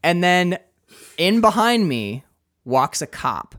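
A man's voice: high voice, big pitch swings, slow pace, fairly bright tone, dry recording, clean studio sound. A young man co-hosting a podcast, telling a story in a casual, profane, self-mocking way. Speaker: podcast co-host. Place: podcast studio.

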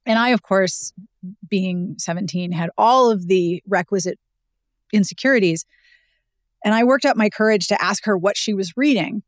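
A woman's voice: mid-range voice, dry recording, clean studio sound. A woman in her forties from Pittsburgh with no regional accent, a podcast guest telling stories in a wry, chatty way. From Pittsburgh, USA. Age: 40s. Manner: wry, storytelling, quick asides. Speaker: podcast guest, romance novel expert. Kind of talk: casual podcast chat.

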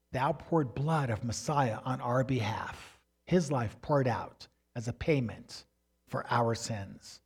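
Male pastor, slightly higher voice, emphatic sermon delivery with big swings in pitch and volume, teaching from slides. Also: a little mellow, slightly rough. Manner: emphatic preaching, rising and falling in pitch and volume; refers to slides while teaching.

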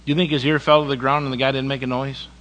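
A man's voice: medium pitch, level tone, very fast, poor audio. Man preaching, dramatic scripture reading. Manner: dramatic scripture reading with sudden quiet emphasis; folksy, conversational asides. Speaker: pastor. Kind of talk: sermon.

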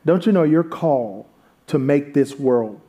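A man's voice: a little high, expressive, unhurried, mellow. A man preaching a sermon, switching between easy, joking asides to the congregation and raised, emphatic calls. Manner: conversational, humorous asides to the congregation. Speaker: pastor.

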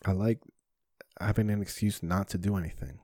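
A man's voice: low voice, steady tone, a little fast, darkish tone, dry recording. A man who hosts his own podcast and does stand-up comedy, talking in a rambling, candid, profane way with lots of fillers, recorded in a small home basement studio. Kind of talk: casual solo podcast monologue.

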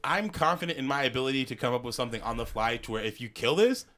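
A man's voice: medium pitch, expressive, fast, fairly bright tone. A slightly drunk man co-hosting a podcast in casual chat, rambling, swearing freely and restarting his sentences. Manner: rambling, profane, trails off and restarts. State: a little drunk. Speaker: podcast co-host.

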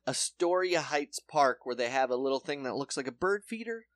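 A young man co-hosting a casual podcast, retelling a story with lively acted-out quotes. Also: medium pitch, brisk, dry recording, clean studio sound. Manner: animated storyteller acting out quotes. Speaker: podcast co-host. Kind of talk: casual chat, retelling a true crime show.

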